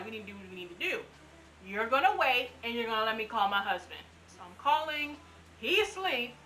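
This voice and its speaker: A woman in her twenties telling her own story in a casual, animated way, acting out what people said. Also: fairly high pitch, a little hiss or hum, poor audio. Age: 20s. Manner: animated, acts out quotes. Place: room at home.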